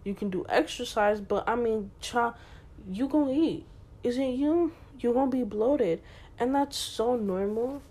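A woman's voice: on the high side, a little slow, mellow. A teenage girl hosting her own podcast, talking candidly in a slangy, chatty way with lots of fillers. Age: teens. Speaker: podcast host. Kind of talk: casual solo podcast chat.

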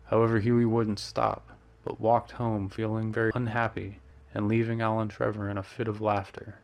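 A man reading a story aloud at a steady, measured pace. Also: on the low side, gravelly. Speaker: narrator.

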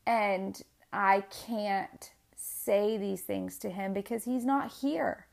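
Twenty-something mom venting a personal story, raspy fry in her voice, gets loud and high when she's worked up. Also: slow pace. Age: 20s. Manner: candid and animated, rising in pitch and loudness when upset, many restarts. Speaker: single mother sharing a personal story. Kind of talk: emotional personal storytelling to camera.

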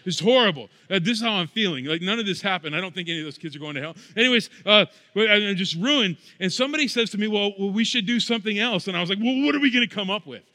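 A young man gives a sermon from the pulpit, telling stories in a relaxed, self-mocking way. His voice sits high and sounds bright and forceful. A long hall reverb hangs behind every phrase. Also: racing, hardly any pauses. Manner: conversational, self-deprecating storytelling. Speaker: pastor. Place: church sanctuary.

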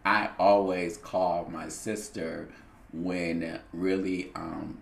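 A man's voice: low-pitched, flat delivery, very slow, creaky. A man hosting a casual solo podcast, speaking in a candid, reflective way with a lot of swearing. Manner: candid and heavily profane, reflective. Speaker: podcast host. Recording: roomy echo.

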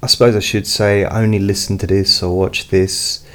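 A man who hosts hypnosis recordings, chatting in a slow, meandering way with many fillers. He is speaking at home into a studio microphone behind a pop filter. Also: deep voice, little pitch movement, a bit bright. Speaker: hypnotist host. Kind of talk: casual personal update. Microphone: studio mic with pop filter, not close.

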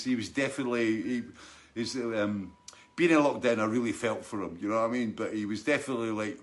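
A man with a lowish, slightly bright voice hosts a live online show, greeting viewers by name. He chats casually, restarting often and laughing frequently.

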